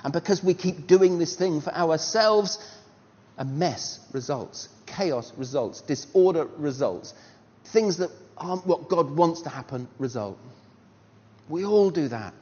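A man preaching in a sermon, his fairly high voice leaping up and down as he tells a story and fires off rhetorical questions. The sound is dull, and a long reverb trails through a large hall. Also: a little slow. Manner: animated, rhetorical questions, self-deprecating humour.

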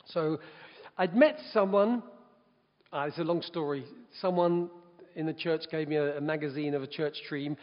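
A man telling his personal testimony as an evangelist, lively and often breaking into laughter. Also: fairly high pitch, moderate pace. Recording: dull sound with long hall reverb.

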